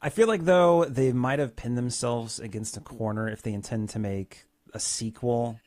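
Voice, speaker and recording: A man's voice: mid-range voice, moderate pace, darkish tone, no room sound, studio quality. A young man hosting a casual interview, easygoing and hesitant, with frequent fillers. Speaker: podcast host.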